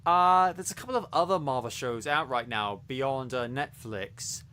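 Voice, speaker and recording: A crowd can be heard behind a man speaking at a moderate pace in a mid-range voice. As co-host of a casual review podcast, he chats enthusiastically, rambling with lots of fillers and restarts.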